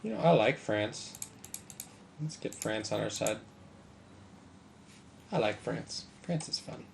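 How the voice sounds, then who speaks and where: A man's voice: on the low side, lively intonation, takes it slowly, vocal fry, slight background noise. A man casually commenting on a strategy game as he plays, thinking aloud with mild sarcasm. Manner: musing aloud, mildly sarcastic. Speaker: gameplay commentator.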